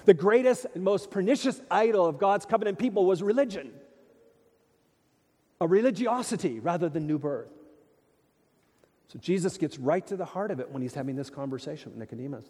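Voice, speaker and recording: A male pastor preaching with a high, lively voice that swoops up and down as he presses his points. He sounds animated and emphatic and keeps asking the congregation questions. His voice rings with the long reverb of a large church hall. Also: brisk, pauses often, slightly rough. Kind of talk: sermon.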